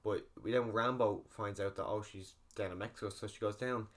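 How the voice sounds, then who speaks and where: A man's voice: on the low side, fairly even intonation, moderate pace. A man casually recapping a film's plot in a rambling spoiler review, full of fillers. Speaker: film reviewer.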